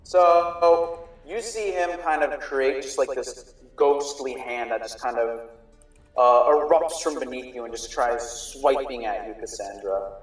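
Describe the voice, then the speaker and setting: Slow, halting game master in echoey room. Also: male voice, mid-range voice. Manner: halting, many fillers and restarts, chuckling. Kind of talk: narrating a tabletop game. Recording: echoey room, distant mic, faint music.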